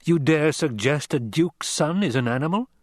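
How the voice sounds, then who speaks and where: A proud young nobleman, frightened but defiant, as a male narrator voices him. He speaks at a middling pitch and pushes back at his captor. The recording is dry and close. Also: lively intonation, fairly quick, no echo, close to an everyday voice.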